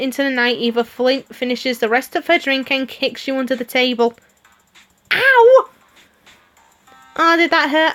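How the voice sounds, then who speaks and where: A woman streamer with a high, fairly bright voice reads a story game's dialogue aloud in playful voices. She giggles and tosses in her own comments between lines.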